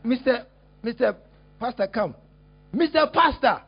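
High-voiced husky male preacher, animated. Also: a little slow. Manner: animated, exclamatory, teasing the congregation. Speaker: pastor. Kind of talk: lively sermon with acted-out demonstration. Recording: dull lo-fi recording.

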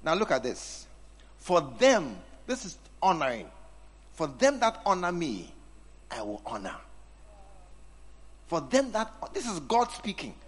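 Animated man preaching. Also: fairly high pitch, unhurried, long pauses, breathy edge. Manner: animated, teasing, acts out scenes with the congregation. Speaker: pastor. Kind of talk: sermon.

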